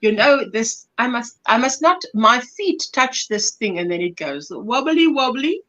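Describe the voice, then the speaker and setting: Brief: chatty woman host from South Africa, bright and a bit high, laughs a lot. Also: sing-song, measured pace. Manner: chatty, laughs often, greets viewers by name. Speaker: livestream host. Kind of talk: casual chat while reading viewer comments.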